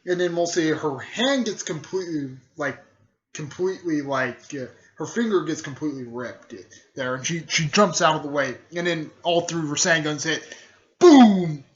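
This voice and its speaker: A man's voice: a little high, moderate pace, fairly bright tone. A man rambling casually through a fan story retelling, full of fillers and restarts, in a dull lo-fi recording.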